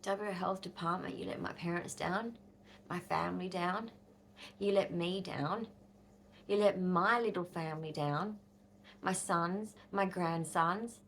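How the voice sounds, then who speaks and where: In a casual vlog, a Western Australian woman in her fifties swears freely while speaking bluntly and angrily to the camera. Her lowish voice stays fairly even and unhurried with a bit of brightness, and there's a little hiss or hum in the background.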